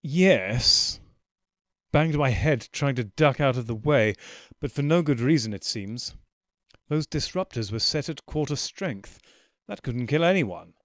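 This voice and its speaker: An unflappable doctor, as the narrator plays him talks slowly and dryly in a close, dry-sounding read. Each line lands wry and unhurried, in an audiobook. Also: male voice, mid-range voice, animated, fairly bright tone, dry recording.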